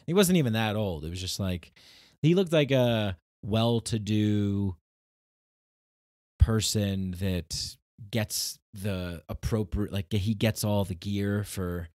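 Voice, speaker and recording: A man's voice: fairly low pitch, slow, darkish tone, no room sound, studio quality. A man hosting his own podcast, telling a personal story in a rambling, casual way with many restarts and acted-out quotes. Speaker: podcast host.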